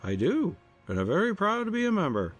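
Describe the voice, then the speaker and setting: A man voicing a cool, wry young man who mocks gently, in a storybook reading. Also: sits high, huge pitch swings, fairly quick, soft background music, pitched above the performer's own voice, heavily acted. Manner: cool, mocking.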